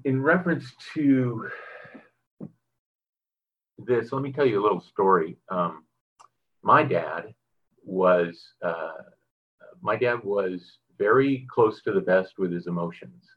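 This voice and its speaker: Brief: middle-aged male pastor, husky low voice, chatty sermon delivery, slightly dull recording. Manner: conversational, with fillers and frequent "right?". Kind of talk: sermon with scripture reading and personal story.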